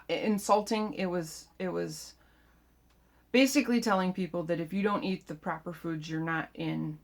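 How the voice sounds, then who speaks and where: Rambling, frustrated woman vlogger. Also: lowish voice. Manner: rambling, frustrated, self-interrupting. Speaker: keto vlogger. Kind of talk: casual vlog monologue.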